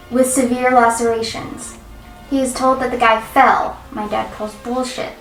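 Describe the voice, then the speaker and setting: Young woman chatting through a storytime, lots of likes and ums, kinda high voice, sounds a bit far from the mic. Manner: rambling, filler-heavy, giggly. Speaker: YouTube host. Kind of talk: casual storytime narration. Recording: roomy, off-mic, faint background music.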